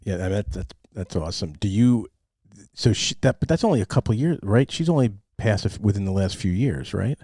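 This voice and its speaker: Deep-voiced male podcast host. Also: fairly quick, no echo, clean studio sound. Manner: relaxed, laughs along, asks rambling questions. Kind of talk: casual chat.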